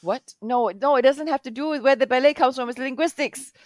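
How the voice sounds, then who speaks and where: A woman's voice: sits high, a little fast, no echo. A woman from the Balkans in casual podcast chat, telling stories animatedly and slipping into put-on voices.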